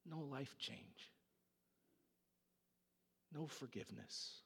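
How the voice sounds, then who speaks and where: A man preaching a sermon, telling a dramatic story in an animated way. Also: mid-range voice, extremely slow, gravelly, slightly rough, in a large hall. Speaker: pastor.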